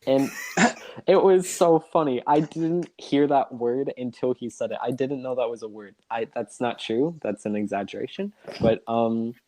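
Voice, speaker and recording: A teenage boy tells a funny story in a casual podcast chat. He is animated and keeps laughing at his own tale. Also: medium pitch, normal speed. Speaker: podcast co-host.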